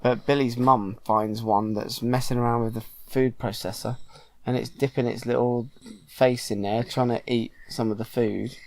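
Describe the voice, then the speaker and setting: A father casually retelling a film to his child at home, chatty and animated with many ums. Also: medium pitch, vocal fry. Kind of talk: casual storytelling.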